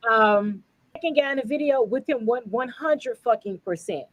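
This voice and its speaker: A woman's voice: a little high, moderate pace, no room sound, rough recording. A woman podcast co-host, giving blunt, profane, fired-up commentary. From United States. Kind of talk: heated commentary.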